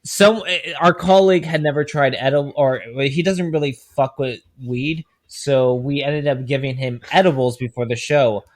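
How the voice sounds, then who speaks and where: A man's voice: mid-range voice, normal speed, hardly any pauses. Laid-back man rambling through a story. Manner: relaxed, swears casually, rambling. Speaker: podcast co-host. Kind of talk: casual storytelling chat.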